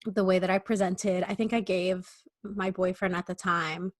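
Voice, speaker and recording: A woman's voice: fairly low pitch, steady tone, normal speed, dry recording. A young woman co-hosting a podcast, chatting casually and telling stories in a playful, teasing way with fillers. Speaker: podcast co-host. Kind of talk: casual chat.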